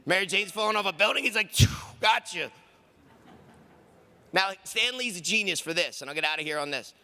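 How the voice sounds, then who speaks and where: Bright-voiced stand-up comic. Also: male voice, high voice, lively intonation, quick pace. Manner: chatty, crowd work, acts out quoted voices. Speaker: stand-up comedian. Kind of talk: stand-up comedy set. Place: conference stage.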